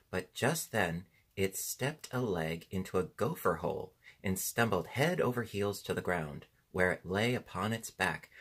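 A man narrating a children's fantasy audiobook in a measured, expressive storytelling manner. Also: low-pitched, slightly rough. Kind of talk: scripted narration.

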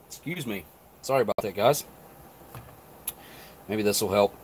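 A man's voice: fairly low pitch, slow, gravelly, slight background noise. A man casually reviewing rations on a live stream, thinking aloud between bites. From not Canadian. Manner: relaxed, thinking aloud while eating and chewing. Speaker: food reviewer.

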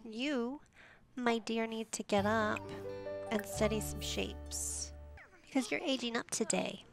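A woman's voice: a little high, slow, creaky, over music. A woman giving casual gameplay commentary, chatty and sassy as she bosses her game characters around.

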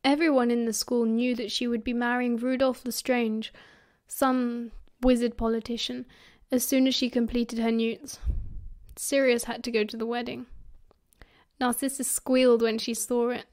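A young British woman reading a fan audiobook, giving the characters lively voices. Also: a little high, moderate pace. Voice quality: reads all parts with lively character voices. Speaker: audiobook narrator.

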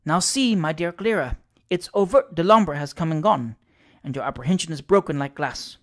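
A reader voicing a cheerful, confident English gentleman reassuring his frightened wife in a classic ghost story. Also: medium pitch, lively intonation, moderate pace, lightly acted.

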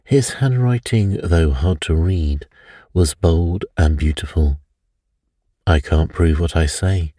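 Guy reading a calm priest sleuth, deep dark voice, takes his time. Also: dry recording, clean studio sound. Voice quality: unhurried, calm and reasoning. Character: calm, thoughtful middle-aged priest detective. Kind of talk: audiobook character reading.

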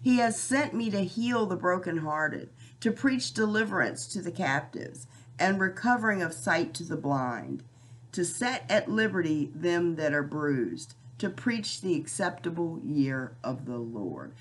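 A middle-aged woman giving a casual, excited Bible teaching, talking conversationally and reading scripture aloud. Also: lowish voice, measured pace.

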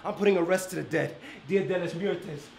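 A man's voice: sits high, brisk, creaky, heavy background noise. An Irish-born man with an American accent performing taunting rap battle verses with boastful punchlines. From Ireland. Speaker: battle rapper. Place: indoor battle venue. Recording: roomy echo.

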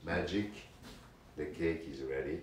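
Slow-talking man hosting a home cooking show. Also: extremely low pitch, very echoey, recorded from a distance, noisy background. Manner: slow, chatty, hands-on instructions. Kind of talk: casual cooking demonstration. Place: home kitchen.

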